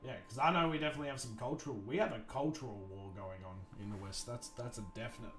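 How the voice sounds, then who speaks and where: A man hosting a livestream, chatting casually and thinking out loud, restarting his sentences often. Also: medium pitch, quick pace. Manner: rambling, thoughtful, many restarts and fillers. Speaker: livestream host. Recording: roomy echo, faint music behind.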